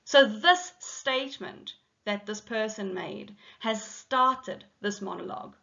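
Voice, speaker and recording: A woman teacher with a South African accent explains a poem line by line in a patient lesson, reading lines aloud and pausing on frequent ums. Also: mid-range voice, creaky, pushed and bright, highs cut off.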